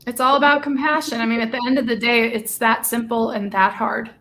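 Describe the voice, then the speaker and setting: A woman's voice: on the high side, steady tone, fairly quick, fairly bright tone, slight background noise. A woman co-hosting a casual livestream chat, gushing and talkative, with lots of "like". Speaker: livestream co-host.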